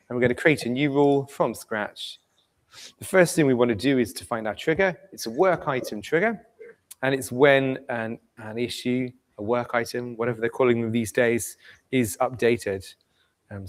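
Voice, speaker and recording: A man presenting a live software demo at a community meetup, relaxed and chatty, asking the audience questions. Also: medium pitch, poor audio. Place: meeting room in front of an audience.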